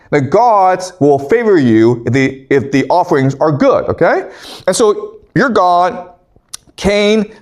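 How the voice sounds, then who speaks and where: Animated man lecturing, constant "okay?". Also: on the high side. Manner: reads scripture aloud then paraphrases casually. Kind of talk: university lecture.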